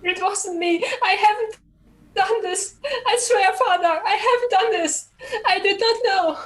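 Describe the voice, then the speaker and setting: A woman's voice: on the high side, fairly even intonation, takes it slowly. A woman playing a guilty pleading young girl. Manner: pleading, apologetic, nervous laughter. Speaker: player. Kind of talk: tabletop role-play.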